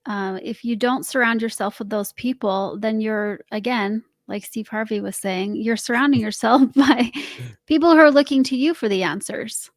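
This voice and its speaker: A woman speaking as a podcast guest, her voice a little high with plenty of gravelly fry. She explains things casually, laughing at herself, and the recording is dry and close. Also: moderate pace, no echo. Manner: laughs while explaining, self-mocking. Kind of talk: casual interview chat.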